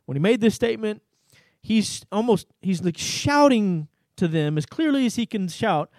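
Animated male preacher, dry close sound. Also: normal speed, no room sound. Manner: animated, rises in pitch for emphasis, asks "right?". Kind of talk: sermon, scripture reading.

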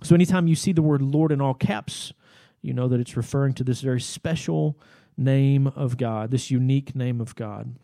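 A man's voice: mid-range voice, moderate pace, creaky, few pauses, warm tone, dry recording. A man giving a Bible teaching sermon, explaining the text in a conversational way with fillers and asides. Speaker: pastor.

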